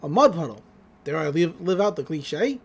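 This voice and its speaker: Brief: host putting on a chipper cartoon pig-man, lively lilting pitch. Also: moderate pace, vocal fry, slightly rough. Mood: cheerful. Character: man trapped in a pig's body.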